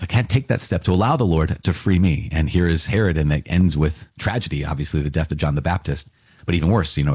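A man teaches scripture in an animated way, laughing often and slipping into playful sarcasm. His voice sits low and a little husky. The sound is close and dry. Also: no echo. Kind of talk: Bible teaching talk.

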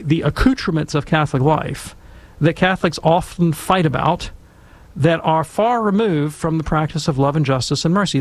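Middle-aged man, slightly high voice with a gravelly edge, wry storyteller who shifts into theological commentary. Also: dry recording. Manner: wry, self-deprecating, animated anecdote teller. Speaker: Catholic discussion speaker.

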